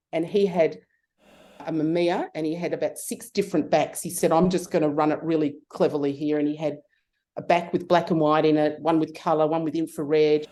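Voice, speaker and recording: A middle-aged woman spins an anecdote in a relaxed interview, her pitch leaping whenever she acts out what someone said. Her voice sits fairly low and sounds warm and mellow. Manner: animated storyteller, acts out voices with big pitch jumps. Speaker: guest. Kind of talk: casual interview storytelling.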